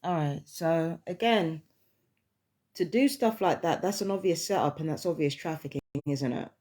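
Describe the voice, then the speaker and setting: A woman's voice: sits low, normal speed, a little mellow. A woman, ranting heatedly and with lots of swearing in a casual vlog monologue. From London, England. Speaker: vlogger.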